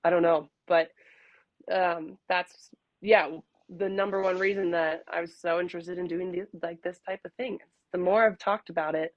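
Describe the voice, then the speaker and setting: A woman's voice: fairly low pitch, steady tone, moderate pace, no room sound, dull audio. A young woman chatting candidly as a podcast guest, often laughing. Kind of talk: casual podcast conversation.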